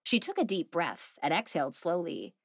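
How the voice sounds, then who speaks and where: Expressive woman narrating an audiobook. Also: lowish voice, normal speed, vocal fry, husky, no room sound, clean studio sound. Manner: expressive storytelling. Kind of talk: scripted narration.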